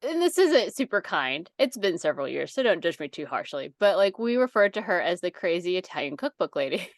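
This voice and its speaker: A woman's voice: on the low side, big pitch swings, fairly quick, no room sound. Chatty woman podcast host, dry close sound. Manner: rambling, laughing, with many fillers. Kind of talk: casual storytelling chat.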